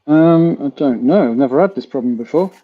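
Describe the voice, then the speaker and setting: A man hosting a casual podcast over a video call, halting and repeating himself as he sorts out technical trouble. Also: a little high, animated, no echo. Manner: halting, repeats words while sorting out tech problems. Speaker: podcast host. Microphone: computer mic on a video call. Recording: dull, crackly lo-fi call audio.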